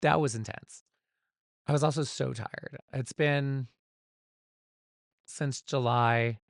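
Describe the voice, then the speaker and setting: A man's voice: medium pitch, fairly even intonation, slow, vocal fry, dry recording, studio quality. A man hosting his own solo podcast, chatting without a script in a rambling, candid way and swearing casually, recorded at home. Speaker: podcast host. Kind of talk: unscripted solo podcast chat.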